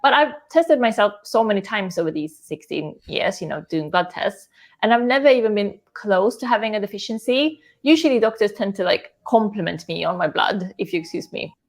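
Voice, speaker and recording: A woman speaks evenly to camera in a personal vlog, matter-of-fact and relaxed. Her voice sits at an average pitch for a woman. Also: a little fast. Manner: calm, matter-of-fact, with fillers. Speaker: vegan video creator.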